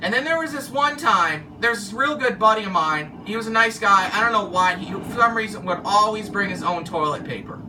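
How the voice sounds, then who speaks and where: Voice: medium pitch, a little fast, few pauses, background noise. Rambling storyteller, distant mic. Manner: rambling, loses track and restarts. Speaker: former car wash worker. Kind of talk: casual spoken storytelling.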